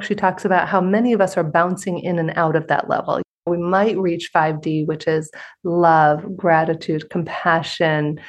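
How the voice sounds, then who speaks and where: A woman hosting a spiritual interview podcast, telling stories in an earnest, animated way. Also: fairly low pitch. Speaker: podcast host. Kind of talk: conversational interview with storytelling.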